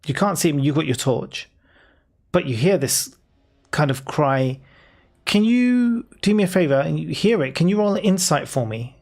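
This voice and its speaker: A man narrating as dungeon master in a casual tabletop game, laughing often and pausing with fillers. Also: a little high, big pitch swings, a little mellow. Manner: laid-back, laughing, lots of fillers. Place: home, live stream.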